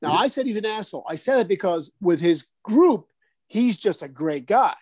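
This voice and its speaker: A man's voice: high voice, normal speed, no echo. Guy rambling thru stories, cussing a lot, tripping over his words, dry close sound. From South Jersey. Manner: profane, animated, stammering restarts. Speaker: storyteller guest. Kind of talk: casual storytelling chat.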